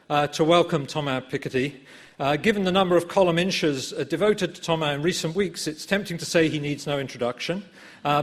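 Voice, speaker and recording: A middle-aged man introducing a guest speaker as chair, with frequent fillers. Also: on the high side. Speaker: event chair. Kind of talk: formal introduction. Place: large lecture theatre.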